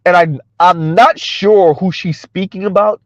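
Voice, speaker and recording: A man's voice: high voice, fairly even intonation, measured pace, no echo, lo-fi sound. A man giving a mocking reaction commentary, stammering and repeating himself as he jeers. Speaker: commentary vlogger.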